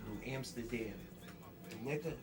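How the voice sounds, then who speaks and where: A man's voice: medium pitch, moderate pace, far from the mic. A man from New York guesting on an interview, telling a long story with lots of street slang and acting out everyone he quotes. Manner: animated, acts out quoted dialogue, heavy slang. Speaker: rapper guest.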